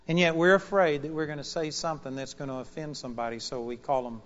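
A man's voice: fairly high pitch, quick pace, few pauses. Emphatic preacher man, dull lo-fi sound. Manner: emphatic, swings between loud declarations and quiet asides. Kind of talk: sermon. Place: auditorium.

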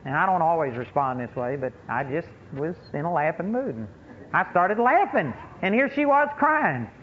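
A man's voice: fairly high pitch, sing-song, moderate pace. A man preaching a sermon, telling folksy stories with emphatic punch and frequent laughter. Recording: tinny phone-like recording with faint hiss.

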